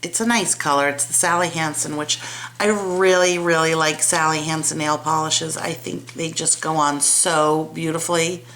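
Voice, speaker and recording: Her voice low and steady with a slightly bright quality at normal speed, a beauty vlogger chats at home about lipsticks and nail polish. The talk is loose and self-mocking, with trailing thoughts and fresh starts.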